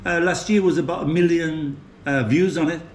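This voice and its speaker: Chatty English vlogger in an echoey room. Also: male voice, a little high, steady tone, moderate pace, a little mellow, slight background noise. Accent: English, West Midlands with a Maltese tinge. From England, West Midlands. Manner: chatty, rambling, chuckling. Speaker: food vlogger. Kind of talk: casual food review vlog. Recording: echoey room, faint ambience.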